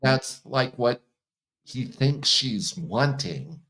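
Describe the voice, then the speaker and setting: A man who works as a hypnotherapist and coach, talking casually in an interview, relaxed and laughing often. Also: medium pitch, extremely slow. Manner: relaxed, laughs often, acts out quoted partners.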